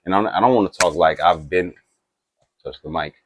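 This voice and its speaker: A man chatting casually to camera about movies, rambling with restarts and asides and getting excited. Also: sits low, normal speed, a little hiss or hum. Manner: animated and excitable. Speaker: movie reaction YouTuber.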